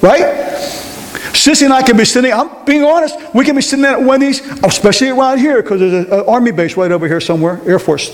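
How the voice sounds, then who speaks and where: A man preaching a sermon, telling a story and asking the congregation questions, speeding up and slowing down for emphasis. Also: very high-pitched. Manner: animated, rises and slows for emphasis, asks the congregation questions. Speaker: pastor. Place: church. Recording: long hall reverb, faint hiss.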